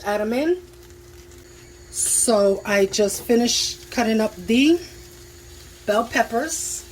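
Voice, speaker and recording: Standing at her stove, a woman who vlogs her home cooking talks viewers through it in a fairly high voice, casual and excited. Food sizzles in the pan, and a little hiss or hum is audible.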